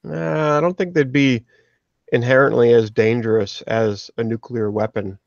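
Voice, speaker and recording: A man guesting on a casual podcast, talking in a measured, hedging way. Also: medium pitch, fairly even intonation, creaky, no echo, lo-fi sound. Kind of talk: casual discussion.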